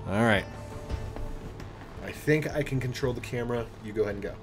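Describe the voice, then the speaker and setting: A man hosts a relaxed gameplay session with his family, reacting loudly and excitedly to every mishap on screen. His voice sits in an ordinary mid range. Game music plays loudly underneath. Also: medium pitch, fairly quick. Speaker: gaming channel host. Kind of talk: casual gameplay commentary.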